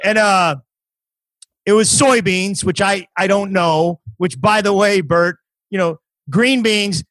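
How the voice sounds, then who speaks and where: Man rambling through a story, a bit high. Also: fairly even intonation, takes it slowly, fairly bright tone, dry recording, poor audio. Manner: rambling, self-mocking storytelling. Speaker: guest comedian. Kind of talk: casual podcast chat.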